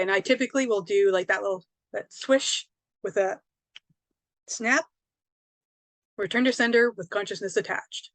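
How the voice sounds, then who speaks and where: A woman's voice: medium pitch, no room sound. Chatty woman teaching a spiritual class. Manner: animated, chatty, laughs often, frequent "okay?" and "right?". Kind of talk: live online class, casual teaching.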